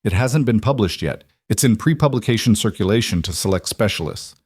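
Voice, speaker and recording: A man voicing a composed middle-aged woman surgeon in a calm, measured way in a story reading. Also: lowish voice, slightly rough, no echo, studio quality.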